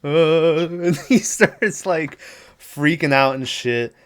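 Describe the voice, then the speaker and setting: A podcast host with a fairly high, slightly bright and smooth male voice talks slowly. He rambles through a movie plot in a loose, profane solo recap, acting out the characters' lines.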